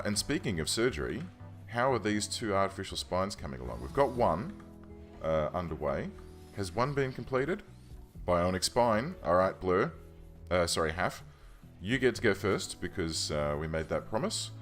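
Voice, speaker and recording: A man with a low voice narrates his game in a casual, chatty way, his pitch swinging a lot as he thinks aloud. He corrects himself often and keeps up a relaxed running commentary from his desk microphone at home, with faint music underneath. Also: moderate pace. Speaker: let's play host. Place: home room.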